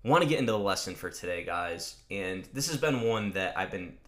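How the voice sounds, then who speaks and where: Man, low voice, podcast host, casual motivational monologue, energetic, swears freely. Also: a little fast.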